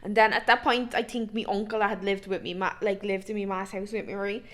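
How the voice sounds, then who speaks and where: A young woman from Ireland with a Dublin accent, co-hosting a podcast and telling a story in a casual, animated way with plenty of swearing. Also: medium pitch, brisk. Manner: animated, swears freely, acts out voices in her story. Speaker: podcast co-host.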